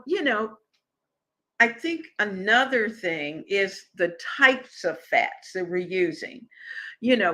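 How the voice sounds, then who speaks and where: A middle-aged woman hosting a live cooking chat, with a bright, forward tone. She talks slowly and easily, chatty and relaxed as she answers her viewers. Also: medium pitch. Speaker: cooking show host. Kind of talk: casual live-stream cooking talk.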